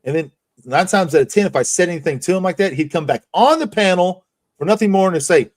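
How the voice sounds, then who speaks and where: Fast and animated, with a high voice, a man runs a relaxed livestream chat as its host. His stories come laced with profanity and punctuated by his own laughter.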